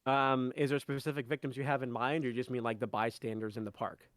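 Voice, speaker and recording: A man runs a tabletop game, narrating in a loose, chatty way full of fillers and quick laughs. His voice sits at an ordinary middle pitch. It sounds dry and close, with no room around it. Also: level tone, a bit bright, dry recording. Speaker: game master.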